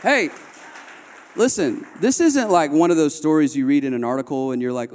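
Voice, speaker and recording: Male pastor preaching, animated storyteller, slightly high pitch, reverberant hall sound. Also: normal speed. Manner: storytelling, rising loud and high when retelling tense moments. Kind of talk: sermon.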